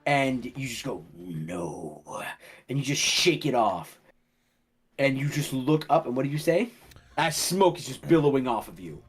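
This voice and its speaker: A young man running a tabletop game as dungeon master, telling the scene in an animated way and laughing often. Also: medium pitch, husky, faint music behind. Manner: slow, animated storytelling with laughter.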